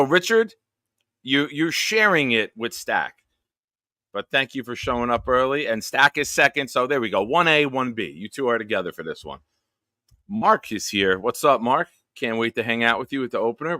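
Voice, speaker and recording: A man's voice: on the low side, sharp tone, dry recording, studio quality. A man hosting a live stream, chatting casually and greeting viewers by name in an upbeat, rambling way.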